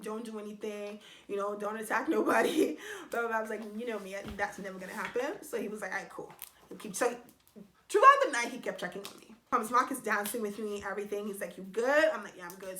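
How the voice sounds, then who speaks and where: A young woman vlogger telling a personal story to her viewers in an animated, exasperated way. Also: on the high side. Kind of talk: storytime vlog. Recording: echoey room, faint noise.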